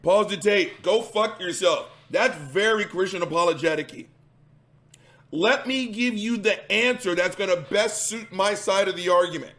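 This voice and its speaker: A man's voice: sits high, normal speed, a bit bright, a little hiss or hum. A man hosting a reaction commentary, ranting combatively and sarcastically with lots of swearing. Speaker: commentary host.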